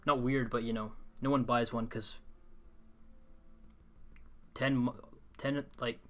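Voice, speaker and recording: A man's voice: mid-range voice, fairly even intonation, takes it slowly, fairly bright tone. A young man from Scotland with a mild Scottish accent that leans English, live-streaming a game from a hot room at home into a desk condenser mic. He sounds tired and rambles, answering chat with frequent restarts. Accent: mild Scottish, mostly English-leaning. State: tired from the heat. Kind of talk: casual live-stream chat while gaming. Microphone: desk USB condenser mic.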